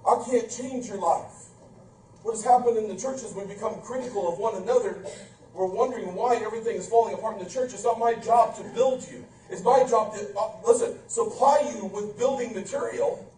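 Here a pastor with a high, mellow voice preaches briskly, leaning on rhetorical questions and humorous asides in a fervent, emphatic sermon. The sound comes from far off in an echoey indoor sanctuary, with faint room noise.

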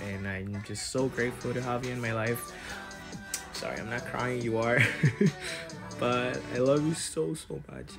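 Earnest man gushing birthday wishes. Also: fairly low pitch. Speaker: friend sending a birthday message. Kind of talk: casual video message.

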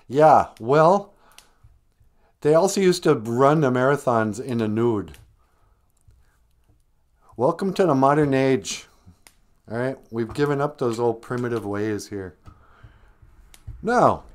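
A man hosting a live stream in a slow, unhurried way, his pitch swinging up and down as he talks. He teases viewers with mock-stern scolding and keeps the chat playful. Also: a little mellow. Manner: playful, teasing banter with viewers. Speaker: live-stream host teaching Ojibwe words.

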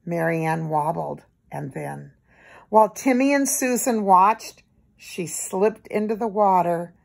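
Slow, gentle woman reading a bedtime story. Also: fairly low pitch, vocal fry. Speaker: storybook reader. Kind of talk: reading a children's book aloud.

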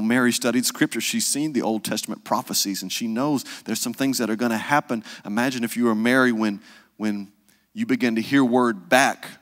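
A male pastor, preaching a conversational sermon and dropping to a hush for the solemn parts. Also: mid-range voice, big-room sound. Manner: conversational preaching, acts out quoted voices, drops to hushed tones.

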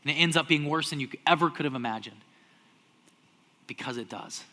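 A young adult man preaches as a pastor in a lively, conversational sermon style, his voice high, bright and fairly quick. He moves from loud, acted-out outbursts down to hushed near-whispers.

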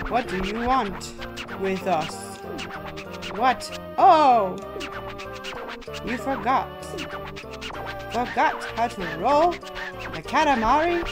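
Woman putting on a slow, pompous cosmic king. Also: a little high. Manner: slow, drawn-out, self-important reading. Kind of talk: reading game dialogue aloud in a voice.

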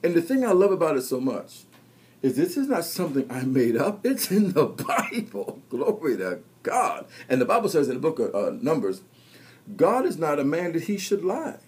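A man's voice: a little high, huge pitch swings, normal speed, darkish tone, slightly rough. A man preaching a sermon, exhorting his listeners and calling them to repeat after him. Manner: exhorting, call-and-response preaching. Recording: radio broadcast.

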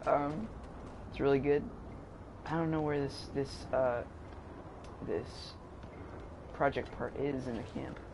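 A man's voice: mid-range voice, steady tone, slow, long pauses. A young man rambling and joking as he comments on his gameplay. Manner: rambling, joking, self-mocking. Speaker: game streamer. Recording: game audio noise behind.

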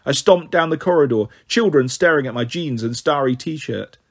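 Husky guy reading a kids' book out loud, steady narration, voice a bit high. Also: normal speed. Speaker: storyteller. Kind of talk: reading a children's novel aloud.

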